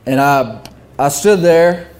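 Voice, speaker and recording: Man, middle-aged, slightly high voice, animated comic storytelling, self-deprecating. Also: takes it slowly.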